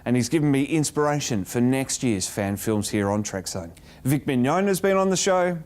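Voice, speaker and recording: A man with an Australian accent narrating a retrospective of his own show as host, in a steady, enthusiastic way. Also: medium pitch, normal speed.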